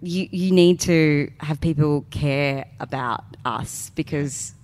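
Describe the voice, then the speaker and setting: A woman's voice: low-pitched, takes it slowly, darkish tone, slight background noise. A woman with an Australian accent, a guest on a podcast, talking in a chatty, laughing way with lots of fillers. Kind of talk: casual chat.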